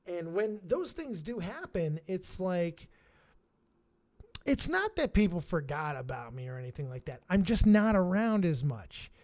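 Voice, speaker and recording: A man hosting a live stream who reads out names from the chat, swears casually and now and then shouts with excitement. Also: high-pitched, measured pace. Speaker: streamer and show host.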